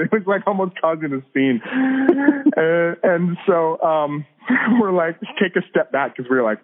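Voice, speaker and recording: Man telling a lively testimony over a phone-like line. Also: fairly high pitch, takes it slowly. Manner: animated, laughs often, repeats words. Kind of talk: casual storytelling testimony. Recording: phone-like narrow band audio.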